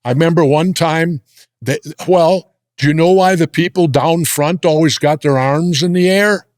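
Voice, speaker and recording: An older American man telling blunt, gruff stories in a sit-down interview. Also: a little high, normal speed, no echo, studio quality. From United States. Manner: gruff, blunt anecdotal storytelling. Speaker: interview guest. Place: indoor interview set.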